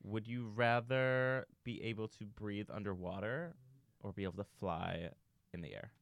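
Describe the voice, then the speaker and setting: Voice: medium pitch, normal speed, gravelly, no echo. A young podcast co-host asking would-you-rather questions in a playful, joking way. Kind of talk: casual chat.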